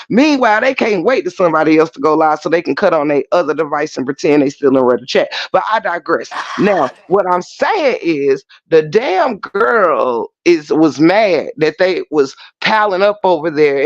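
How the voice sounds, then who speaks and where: A man's voice: on the high side, animated, normal speed, no room sound, highs cut off. A man giving sassy, profane commentary on online drama with a mocking, laughing manner. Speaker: livestream commentator.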